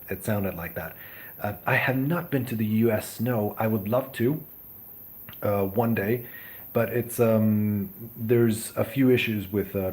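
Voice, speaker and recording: This Serbian livestream host speaks in an unhurried, lowish voice while chatting through viewer comments. He hesitates a lot, full of ums and false starts, but stays friendly and keeps thanking people.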